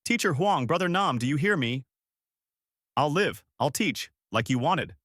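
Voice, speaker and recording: A man voicing a grieving young woman teacher who shouts and pleads through tears. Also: medium pitch, sing-song, moderate pace, no room sound, studio quality. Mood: tearful.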